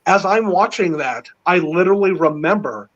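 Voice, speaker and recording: A middle-aged man telling a long story in casual chat, rambling and excited, with many fillers. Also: sits high, moderate pace. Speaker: panel guest. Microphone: video call. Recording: dull lo-fi online call audio.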